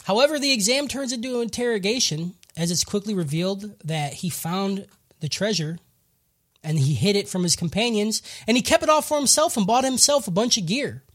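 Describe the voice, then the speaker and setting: A man's voice: sits high, fairly quick. A man hosting a podcast, recapping an anime episode in a casual, profane, joking way. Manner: profane, joking, animated storyteller. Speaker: podcast host.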